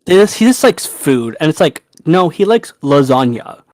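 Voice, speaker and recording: Animated young man chatting. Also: fairly high pitch, normal speed, no room sound. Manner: animated, swears freely, laughs often. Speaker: podcast co-host. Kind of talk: casual chat.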